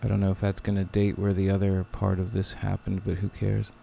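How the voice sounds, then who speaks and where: Deep, gravelly man chatting casually. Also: monotone, brisk, dark tone, slight background noise. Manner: rambling, with many fillers and restarts. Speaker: podcast co-host. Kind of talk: casual chat.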